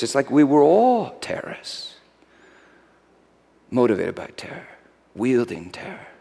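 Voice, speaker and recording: A man playing Pontius Pilate, a guilt-haunted Roman governor, in a dramatic first-person monologue that swings from shouts to whispers, recorded in a church. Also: mid-range voice, gravelly, big-room sound. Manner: swings between shouted outbursts and hushed whispers. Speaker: preacher performing a character monologue.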